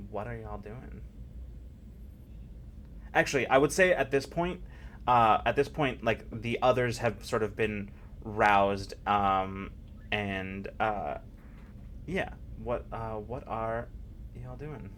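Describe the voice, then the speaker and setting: A man narrating a tabletop game as game master, in a halting, thoughtful way. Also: on the low side, a bit bright, slight background noise.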